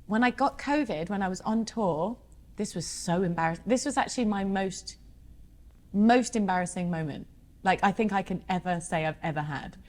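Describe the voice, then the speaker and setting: A woman's voice: medium pitch, normal speed. Chatty woman singer telling stories. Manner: chatty, animated storyteller who laughs often. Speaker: singer being interviewed. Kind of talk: casual chat.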